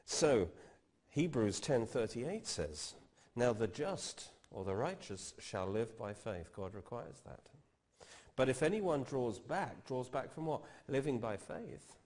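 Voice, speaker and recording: A man's voice: medium pitch, darkish tone. A man preaching a teaching sermon, explaining step by step and quoting scripture with rising emphasis.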